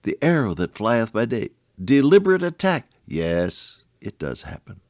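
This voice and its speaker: An older man giving a folksy devotional radio sermon, talking straight to the listener and swinging between hushed lows and emphatic high points. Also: very animated, unhurried, no room sound, clean studio sound. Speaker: radio preacher.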